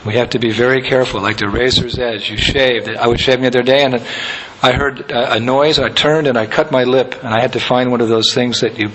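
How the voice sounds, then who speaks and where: A man giving a conversational sermon as a spiritual teacher, telling anecdotes with soft laughs. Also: medium pitch, fairly even intonation, a little fast, rough recording.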